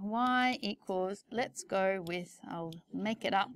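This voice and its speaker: A woman's voice: mid-range voice, takes it slowly, clear, resonant tone, no echo. A woman teaching maths in a recorded lesson, playful and chatty with jokey asides.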